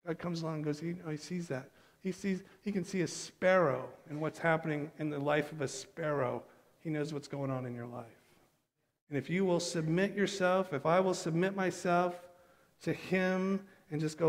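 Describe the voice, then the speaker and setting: A man preaching a sermon as pastor, animated and acting out quick bits of dialogue. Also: a little high. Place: church sanctuary. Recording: long church hall reverb.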